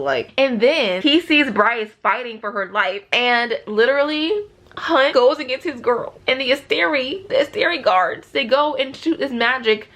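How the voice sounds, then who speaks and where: Young woman book vlogger, casual, excitable fangirl energy, slangy. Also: on the high side. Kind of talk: casual reading vlog.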